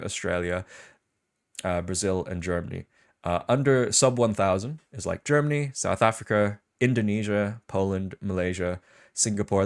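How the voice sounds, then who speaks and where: Young man, low-pitched voice, casual livestream host, rambling, lots of ums and likes, argumentative. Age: young adult. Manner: rambling, filler-heavy, argumentative. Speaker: podcast host.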